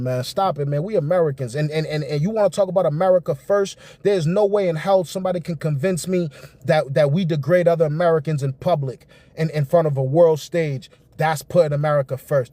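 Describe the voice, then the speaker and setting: A man's voice: sits high, a little mellow, dry recording. A young man giving casual, rambling political commentary on a livestream, reacting to chat as he goes. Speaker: livestream host.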